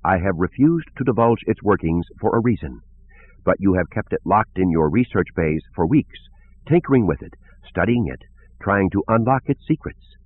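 A man with a low-sitting, expressive voice, speaking at a moderate pace, voices an earnest woman scientist who pleads melodiously. The audio is tinny, lo-fi, and phone-like.

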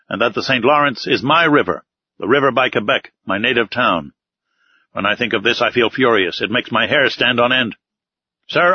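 A man reading the lines of a gruff, impatient male harpooner in an audiobook, blunt and exasperated. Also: fairly low pitch, dry recording, close to an everyday voice. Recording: slightly dull, dry recording.

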